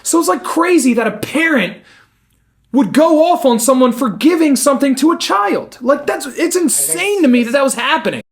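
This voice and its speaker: A young man co-hosting a podcast, telling a story in casual chat, animated and swearing as he acts out what people said. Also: very high-pitched, normal speed. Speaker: podcast co-host.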